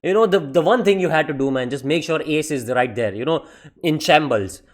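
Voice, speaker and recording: A man giving a casual vlog review of manga, excitable and profane, tossing "man" into nearly every sentence and slipping into mocking voices. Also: on the high side, a little fast.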